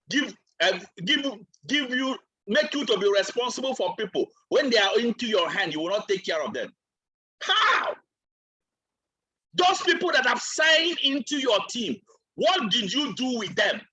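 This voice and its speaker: A man's voice: sits high, sharp tone, slightly rough, low-quality recording. A man giving a motivational training talk like a sermon, emphatic and repetitive. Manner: emphatic and repetitive, asks for water mid-talk. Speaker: trainer and speaker.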